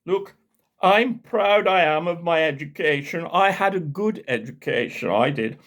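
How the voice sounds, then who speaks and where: A man voicing a loud, pompous, bragging big man with a posh English accent, in a told story. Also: a little high, lively intonation, voice pushed up. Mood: sneering. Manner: pompous, boastful, drawn-out.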